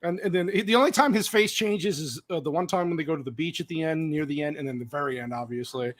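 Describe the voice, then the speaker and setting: A man's voice: fairly high pitch, fast. A man joking and reacting with lots of laughter in a casual movie watch-along chat. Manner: laughs often, animated and joking.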